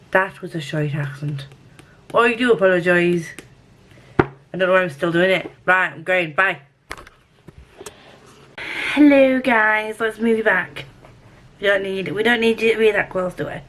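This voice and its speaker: Woman, book vlogger, unhurried delivery, rambling, self-mocking, lots of ums, casual home chat. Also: on the low side, a bit bright, slight background noise. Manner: rambling, self-deprecating, full of fillers.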